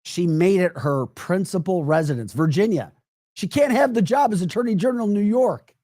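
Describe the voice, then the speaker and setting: Animated podcast host, mocking tone. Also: male voice, sits high, a little fast, no echo, clean studio sound. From United States. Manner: emphatic, mocking, laughs often. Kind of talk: live political commentary reacting to chat.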